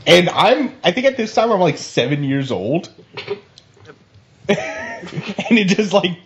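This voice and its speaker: Lively storytelling man. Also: high-pitched, slow pace, background noise. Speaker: podcast co-host. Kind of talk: casual chat. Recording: dull lo-fi recording.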